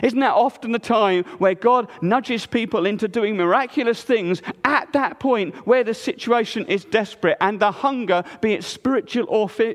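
A man preaching a sermon in a church, swinging between loud emphasis and hushed low tones. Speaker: pastor. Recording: long reverb of a church hall.

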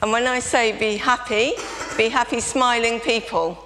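A woman's voice: a little high, moderate pace. A woman leading a children's talk in a church service, prompting the congregation to join in. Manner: lively, prompting audience participation. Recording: reverberant church, faint background noise.

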